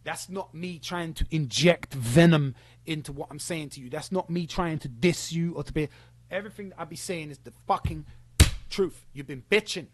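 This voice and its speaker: A man's voice: fairly high pitch, normal speed. A young man ranting at someone, confrontational and sweary, repeating himself as he builds his case. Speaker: streamer addressing a former friend. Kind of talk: ranting monologue.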